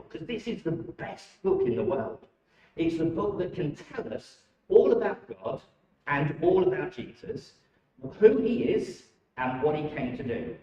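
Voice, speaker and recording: A man with a slightly high, lively voice leads a children's holiday club, upbeat and enthusiastic. He sounds distant and dull, as if picked up from across a very echoey church hall. The live-stream sound is muffled.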